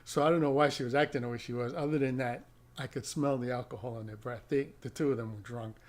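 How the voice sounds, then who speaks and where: A man's voice: medium pitch, steady tone, fast. A middle-aged man, a rideshare driver and vlogger, casually telling a story to camera, rambling and correcting himself with small chuckles. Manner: rambling, self-correcting, chuckles at own stories.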